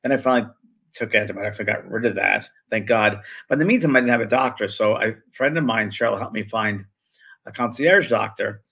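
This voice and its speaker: Brief: older male co-host, rambling conversational delivery, gravelly and slightly husky tone. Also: lowish voice, fairly quick, a bit bright, poor audio. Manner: rambling, with many fillers and restarts. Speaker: co-host, spiritual medium. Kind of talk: casual conversational storytelling.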